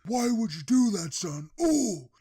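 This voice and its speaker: A stern, exasperated dad raises his voice to a loud, high scold, as a man puts him on. The pitch rides up and swings about, recorded dry with no room. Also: sing-song, measured pace, slightly rough, dry recording, full character voice. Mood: angry stern.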